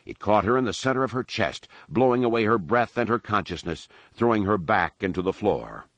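A deep-voiced man narrating an audiobook in a measured, dramatic way. His voice sits very low, and the recording is dry and close with no room sound. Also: lively intonation, a bit bright, no echo, highs cut off. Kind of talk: scripted narration.

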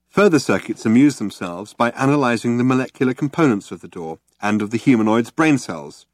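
A man narrating an audiobook with a measured, deadpan delivery. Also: medium pitch, no echo, studio quality.

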